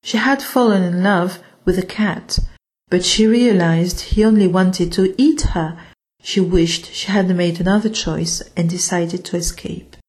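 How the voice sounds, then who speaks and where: Slow, gentle woman storyteller. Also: on the low side, fairly even intonation. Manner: gentle, unhurried reading. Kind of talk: children's story narration.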